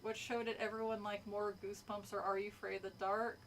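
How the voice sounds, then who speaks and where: A woman's voice: mid-range voice, level tone, a little fast, a little hiss or hum. A woman streamer reading a horror book aloud, stopping to chat, swear and laugh. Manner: chatty, swears, laughs often. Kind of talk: casual read-aloud with commentary. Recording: voice distant from the mic.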